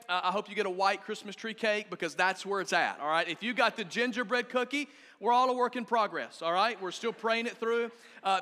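A man preaching a lively, joking sermon as a pastor to his congregation. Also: high-pitched. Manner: upbeat, joking, rallying the congregation. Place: church auditorium. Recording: long hall reverb in a church.

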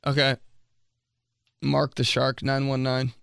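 A man's voice: mid-range voice, monotone, slow, creaky, fairly bright tone, clear, resonant tone, dry recording, studio quality. A young man hosting a podcast, rambling through comic complaints with lots of fillers and sound effects. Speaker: podcast host. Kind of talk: casual comedic podcast monologue.

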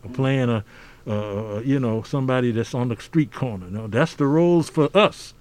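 A man's voice: medium pitch, normal speed, darkish tone. An older man from the United States giving a podcast interview, talking emphatically and preacherly, often adding "see?". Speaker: podcast guest. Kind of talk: conversational interview.

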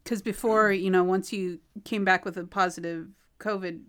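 A woman from California co-hosting a casual podcast chat, relaxed and quick to laugh. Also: medium pitch. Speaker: podcast co-host.

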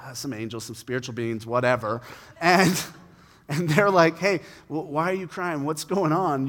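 Guy preaching casual-style, kinda high voice, lots of echo, animated storytelling. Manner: conversational, animated retelling with light laughs. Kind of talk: sermon.

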